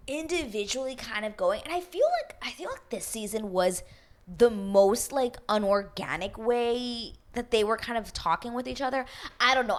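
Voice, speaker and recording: A woman's voice: mid-range voice, fairly bright tone. A woman recapping a reality show in a casual chat, gossipy, with lots of asides and tag questions. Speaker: recap vlogger.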